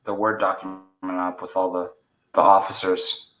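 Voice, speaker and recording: A man's voice: low voice, level tone, moderate pace, a bit bright, echoey room, faint music behind. A man joining a podcast over a video call, chatting casually and joking. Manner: joking, playful. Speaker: podcast guest.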